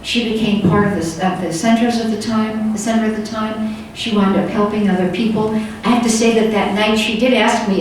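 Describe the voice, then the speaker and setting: An older woman gives a conference talk in a mid-range, fairly even voice at normal speed, telling stories loosely and conversationally with many fillers. The recording comes from far off in an echoey conference hall with faint room noise.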